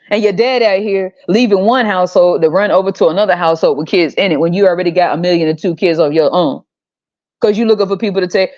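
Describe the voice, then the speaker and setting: Woman, podcast host, blunt profane rant, exasperated high outbursts, mid pitch, slightly muffled audio. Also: a little mellow. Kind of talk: opinionated rant.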